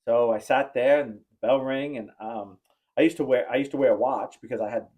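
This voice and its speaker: A man's voice: medium pitch, a little fast, darkish tone. A man on a podcast telling a long, rambling story from his school days, acting out the people in it and laughing at his own jokes. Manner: rambling anecdotes, acts out quoted voices, bursts of laughter. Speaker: podcast host. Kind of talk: casual storytelling chat.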